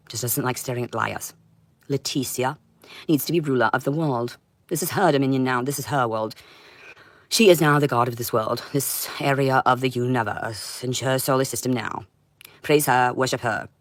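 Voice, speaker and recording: On a livestream, a woman rambles through a monologue with an intense, confrontational edge, lurching from loud outbursts to low muttering. She keeps a moderate pace, and the sound is dry with no echo.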